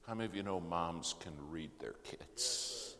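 Very deep-voiced older preacher in a reverberant hall. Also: male voice, expressive, measured pace, heavy background noise. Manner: dramatic, swings from loud to hushed. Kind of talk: sermon storytelling. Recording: long reverb of a big hall, faint ambience.

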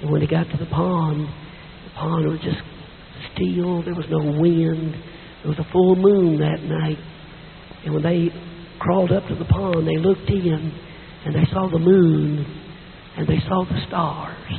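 Hoarse preacher, gravelly and tinny. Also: male voice, on the high side, level tone, measured pace. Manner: folksy storytelling, self-deprecating asides. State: hoarse, weak voice. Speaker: visiting preacher. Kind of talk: sermon. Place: church sanctuary. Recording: tinny echoey church recording with hiss.

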